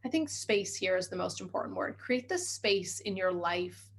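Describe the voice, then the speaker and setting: A woman hosts a self-help podcast as a mindset coach. She talks quickly in an upbeat, encouraging way, walking listeners through steps. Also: mid-range voice, animated, a little hiss or hum.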